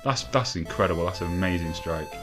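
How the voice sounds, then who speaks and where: A young man giving casual, sweary commentary on a football management game, rambling between excited outbursts. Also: sits low, quick pace, over music. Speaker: gaming let's-play host.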